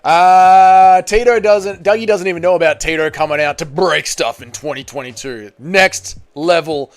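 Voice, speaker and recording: Over soft background music, a high-pitched man speaking at normal speed hosts a casual fight watchalong stream. Reading chat messages out and swearing freely, he keeps his live-stream commentary loose and profane, with bursts of shouting at the big moments.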